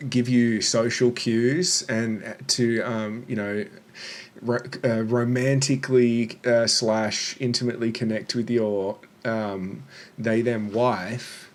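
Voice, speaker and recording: A man's voice: mid-range voice, flat delivery, slow pace. A man hosting a reaction video, giving sarcastic, profane, blunt commentary.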